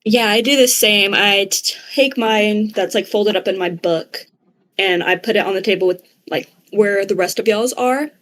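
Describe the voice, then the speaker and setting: A woman's voice: mid-range voice, normal speed, fairly bright tone. Hesitant woman player. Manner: hesitant, with restarts and "like". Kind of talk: tabletop role-play.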